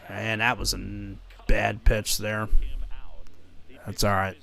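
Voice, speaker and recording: A man's voice: on the low side, monotone, slow, vocal fry, pushed and bright, soft background music. A man giving casual play-by-play commentary over his own video game, muttering to himself with mild frustrated outbursts. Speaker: gaming video creator.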